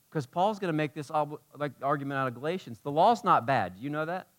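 A man's voice: on the high side, lively intonation, quick pace, hardly any pauses. Passionate male preacher with swings in volume. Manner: dynamic, swings from hushed to shouting with passion; informal, conversational preaching. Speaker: pastor. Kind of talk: sermon.

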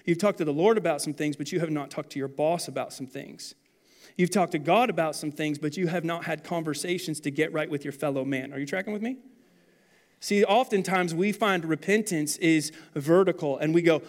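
A man in his thirties preaching a sermon as pastor, animated and then dropping to quiet intensity. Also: on the high side, brisk.

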